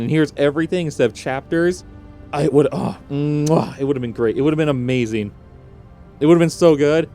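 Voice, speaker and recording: A man's voice: mid-range voice, darkish tone. A young man vlogging, rambling and emotional, with frequent restarts and rising exclamations. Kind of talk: unscripted emotional reaction vlog.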